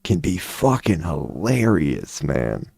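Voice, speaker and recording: Profane laid-back man streaming, mellow voice. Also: low-pitched, big pitch swings, slow, gravelly, breathy edge, dry recording, clean studio sound. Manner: profane, laughing, rambling storyteller. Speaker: livestream host. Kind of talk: casual livestream chat.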